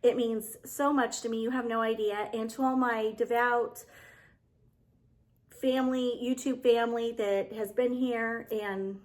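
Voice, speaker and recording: Woman decor vlogger, slightly high voice, gushing, heartfelt casual chat to camera. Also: steady tone, unhurried. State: getting emotional. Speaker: home decor YouTuber. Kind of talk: casual vlog chat to viewers.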